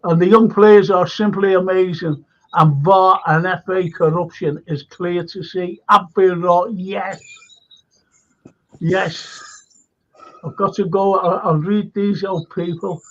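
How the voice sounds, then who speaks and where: Slow-talking host, dull audio. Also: male voice, high-pitched, fairly even intonation. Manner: chatty, reads viewer comments aloud, laughs often. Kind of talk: live-stream chat reading comments.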